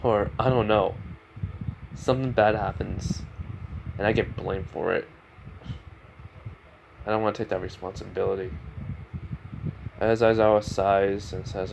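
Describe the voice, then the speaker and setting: A man's voice: on the low side, steady tone, measured pace, creaky, long pauses, noisy background. A man casually retelling a fan story, rambling with lots of fillers.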